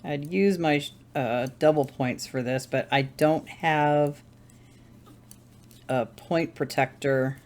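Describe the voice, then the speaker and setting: A woman's voice: deep voice, slow pace, darkish tone. A woman hosting a crafting channel, chatting casually at home while she knits, rambling and correcting herself as she thinks aloud. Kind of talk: casual chat while knitting.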